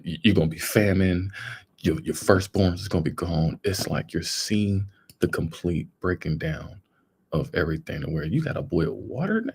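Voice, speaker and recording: Deep gravelly man on a livestream. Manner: rambling, earnest, addresses viewers as y'all. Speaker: livestream host. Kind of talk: casual livestream commentary.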